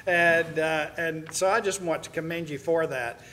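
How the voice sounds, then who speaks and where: Bright-voiced, high-pitched male preacher. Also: fairly even intonation, moderate pace. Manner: folksy storytelling with frequent "uh" and restarts. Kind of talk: sermon to a congregation.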